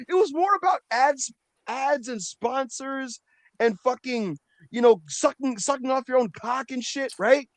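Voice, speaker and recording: A man's voice: extremely high pitch, normal speed, fairly bright tone, no room sound, low-quality recording. A man ranting animatedly on a casual wrestling podcast, swearing and mocking the people who doubted him. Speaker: podcast co-host.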